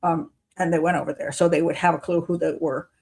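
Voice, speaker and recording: A woman streaming live commentary, reasoning out loud in loose, unscripted talk. She questions claims with a skeptical edge, restarts her sentences, and breaks into frequent chuckles. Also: low voice, flat delivery, fast, gravelly, slightly rough. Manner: thinks aloud, restarts sentences, chuckles often. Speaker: criminal profiler hosting a live show.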